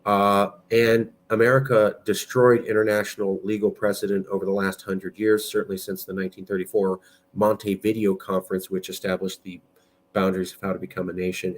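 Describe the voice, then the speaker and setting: Combative man with a low voice. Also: level tone, brisk. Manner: combative, argumentative, blunt. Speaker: political movement president. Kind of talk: political commentary with screen share.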